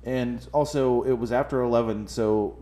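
Profane, animated man telling a story. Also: mid-range voice, moderate pace. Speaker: podcast co-host telling a story. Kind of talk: casual chat. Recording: echoey room.

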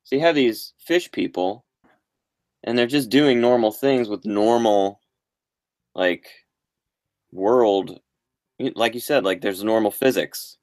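A man's voice: fairly low pitch, slow, long pauses, darkish tone, no room sound. A man co-hosting a podcast in casual chat, joking, swearing and laughing a lot. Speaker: podcast co-host.

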